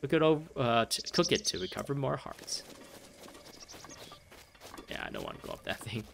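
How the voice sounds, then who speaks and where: A man's voice: mid-range voice, wildly swooping pitch, normal speed, gravelly, fairly bright tone, a little hiss or hum. A man giving casual let's play commentary, rambling and easily distracted, laughing often as he plays. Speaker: gameplay commentator.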